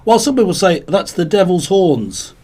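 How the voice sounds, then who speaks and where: A man's voice: high-pitched, very animated, moderate pace, warm tone, breathy edge. A man co-hosting a casual chat show, telling long rambling stories with dry, pedantic wordplay. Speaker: podcast co-host.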